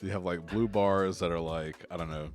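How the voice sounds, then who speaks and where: A man co-hosting a gaming news show in casual chat, relaxed and rambling, often laughing as he talks. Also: low voice, normal speed, soft background music.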